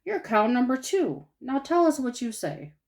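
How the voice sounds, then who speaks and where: An encouraging mother from a children's storybook, as a woman reading aloud puts her on. She speaks gently and coaxes her child along. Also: high-pitched, sing-song, moderate pace, voice pushed up. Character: encouraging mother of a young girl.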